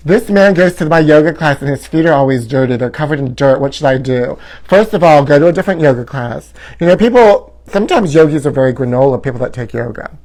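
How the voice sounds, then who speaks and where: A campy man hosts a live tabloid gossip stream from home, his voice sitting a touch high for a man. He reads viewer comments aloud with theatrical flair and drops "honey" all the time. The talk runs loose and chatty, with plenty of restarts. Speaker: host.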